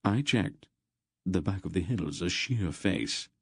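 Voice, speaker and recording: A man voicing a quick, practical scout who answers in short, matter-of-fact sentences. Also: low voice, expressive, vocal fry, slightly rough, dry recording, studio quality, heavily acted.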